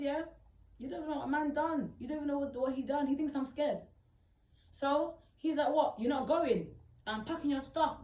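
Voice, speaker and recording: This woman's voice sits on the higher side with a bit of mellowness, and the mic is distant, leaving the room audible around her. She recounts a personal experience, repeating herself for emphasis and leaning heavily on slang.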